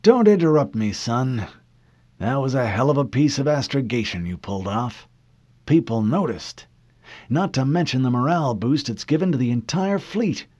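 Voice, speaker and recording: Man voicing a gruff old admiral, raised higher and blunt, dry lo-fi audiobook sound. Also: animated, moderate pace, a little mellow, lightly acted. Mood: gruff, approving. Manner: brusque, folksy military bluster. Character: aging male fleet admiral, gruff, blunt, commanding.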